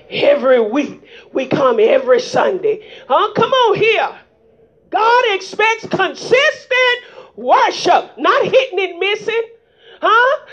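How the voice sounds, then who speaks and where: A woman's voice: very high voice, a bit bright. A woman preacher delivering a fervent sermon into a microphone in a church, calling out to the congregation with rhetorical questions, in a dull lo-fi recording. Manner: fervent call-and-response, rhetorical "huh?". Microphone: handheld microphone.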